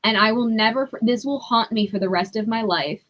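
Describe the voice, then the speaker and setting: A young adult woman, a podcast guest, telling her story in a candid, profane and animated way. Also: fairly high pitch, brisk, low-quality recording. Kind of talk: casual storytelling.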